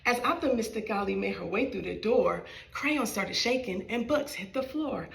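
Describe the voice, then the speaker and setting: A woman's voice: medium pitch, expressive, normal speed, gravelly, reverberant. A woman reading her own picture book aloud to small children in a library, playful and sing-song, talking straight to her young listeners.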